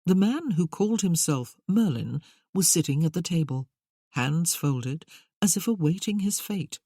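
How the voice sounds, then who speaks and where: A measured audiobook narrator with a mid pitch. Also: animated, dark tone, husky, dry recording, clean studio sound. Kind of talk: scripted novel narration.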